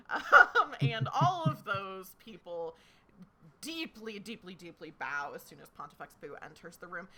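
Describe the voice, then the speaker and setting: A woman game master narrating a tabletop game into a home microphone, chatty and prone to giggles. Her voice is bright and animated, with a lively pitch. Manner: chatty, giggly, filler-heavy.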